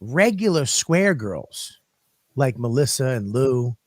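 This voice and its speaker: A man's voice: medium pitch, big pitch swings, takes it slowly, no echo, clean studio sound. A man co-hosting a podcast, telling crude stories in a rambling, profane way. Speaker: podcast co-host. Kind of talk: casual comedic chat.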